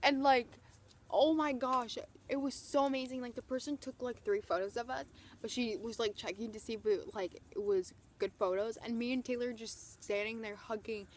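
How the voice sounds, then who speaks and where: A young woman tells a story to her camera, gushing and breathless, her talk stuffed with fillers. Her voice sits a little high. There is a faint hiss of noise behind her. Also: fairly even intonation, moderate pace. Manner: gushing, breathless, lots of "like" and "oh my gosh". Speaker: vlogger. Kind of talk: excited storytelling vlog.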